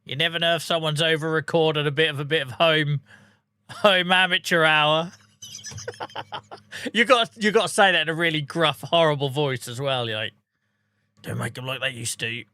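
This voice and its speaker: A man's voice: on the high side, moderate pace, pushed and bright, smooth. A man chatting casually on a live game stream, bantering, laughing often and answering viewers' messages. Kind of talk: casual live-stream chat over gameplay.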